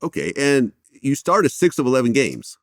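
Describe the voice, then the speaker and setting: A man's voice: medium pitch, very animated, moderate pace, no echo, clean studio sound. A man hosting an interview, prompting his guest with short questions and brief replies. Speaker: interviewer host. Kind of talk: casual interview.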